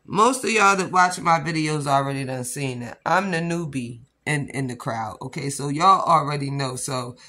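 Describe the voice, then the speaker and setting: A woman vlogging about nails, excitable and rambling, with sudden shouts before calming herself down. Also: sits low, moderate pace, hardly any pauses. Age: adult with a child. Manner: excitable, rambling, bursts into shouts then calms down. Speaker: nail vlogger. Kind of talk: excited casual vlog.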